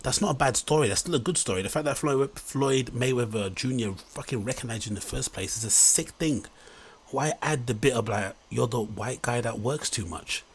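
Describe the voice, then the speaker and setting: A man's voice: mid-range voice, fairly quick, breathy edge. A man, hosting a rambling reaction commentary in an incredulous, mock-enthusiastic way. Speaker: commentary host.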